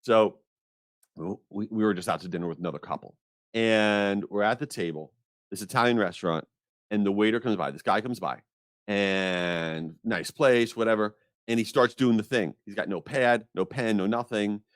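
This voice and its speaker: A man hosting a podcast, telling an exasperated, animated story in a casual rant. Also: lowish voice, normal speed, no room sound, clean studio sound. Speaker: podcast host.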